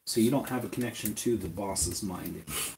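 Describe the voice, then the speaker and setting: A man running a tabletop game as game master, describing scenes with pauses, fillers and repeated words. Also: fairly low pitch, darkish tone, a little hiss or hum, rough recording.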